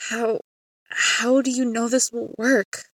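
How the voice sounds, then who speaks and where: A woman's voice: a little high, flat delivery, takes it slowly, a bit bright, no echo. A woman voicing a guilt-ridden man in a storybook tale, crying out and pleading with a raised voice.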